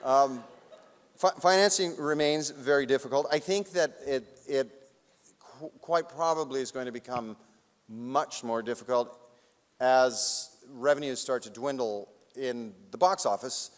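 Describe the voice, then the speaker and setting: A man telling a long, animated anecdote at a public talk, laughing often and acting out other people's lines. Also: mid-range voice, a little slow. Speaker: award recipient speaking on stage. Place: large auditorium. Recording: long hall reverb.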